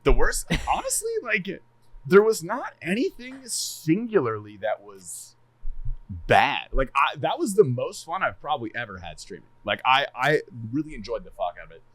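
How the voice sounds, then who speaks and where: A man casually chatting on a podcast, animated and laughing a lot, swearing freely and stumbling over repeated words. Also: on the high side, normal speed, no echo. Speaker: streamer and podcast co-host.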